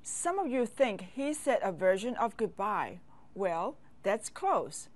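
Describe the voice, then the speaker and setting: A woman teaching a language lesson, speaking slowly and patiently and pausing for learners to repeat after her. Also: medium pitch, very animated. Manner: slow, patient drills with pauses for repeating.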